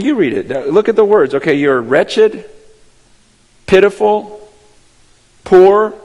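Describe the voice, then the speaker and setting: High-voiced preacher in a reverberant hall. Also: male voice. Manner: impassioned, acts out quoted voices, stammers and repeats. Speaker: pastor. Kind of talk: sermon.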